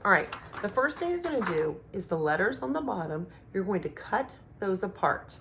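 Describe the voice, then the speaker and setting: A middle-aged woman teaching a remote phonics lesson to young children, speaking slowly and clearly with encouraging sound-outs. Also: medium pitch, sing-song, background noise. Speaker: kindergarten teacher.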